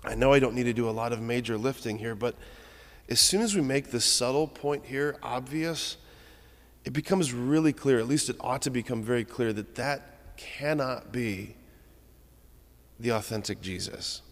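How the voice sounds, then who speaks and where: A man's voice: medium pitch, moderate pace, big-room sound. A man giving a conversational, reflective homily as a preacher in a church.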